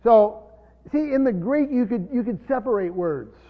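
Guy preaching bible study, high voice, keeps repeating himself, echoey hall, muffled recording. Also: lively intonation, moderate pace. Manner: teacherly, repeats words, drops low for scripture. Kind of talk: bible teaching sermon. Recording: dull recording in a long-reverb hall.

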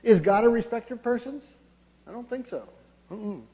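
A man preaching a sermon, halting, with many fillers and restarts, growing more emphatic as he goes. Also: high voice, lively intonation, warm tone. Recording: long hall reverb.

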